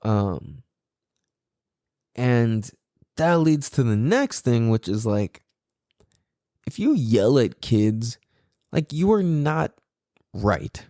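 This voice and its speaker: A man hosting a podcast, talking in a loose, animated, profane rant full of fillers. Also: medium pitch, drawn-out words, long pauses, no room sound, studio quality. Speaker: podcast host.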